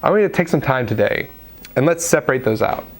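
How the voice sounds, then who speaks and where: A man's voice: mid-range voice, animated, quick pace. A man giving a daily devotional sermon in a conversational way, with fillers, acting out quoted voices now and then. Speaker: preacher.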